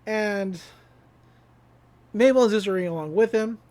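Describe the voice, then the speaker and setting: Here a woman podcast host sums up a cartoon episode, her medium-pitched voice warm and at a normal speed. She keeps it casual and enthusiastic, chatting freely and leaning on frequent fillers.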